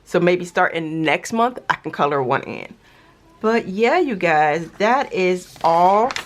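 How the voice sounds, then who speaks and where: A woman's voice: fairly low pitch, expressive, slow. A woman vlogging casually about paying off her debt, thinking aloud with restarts, little laughs and a touch of hiccups. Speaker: budgeting vlogger. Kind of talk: casual vlog talk to camera.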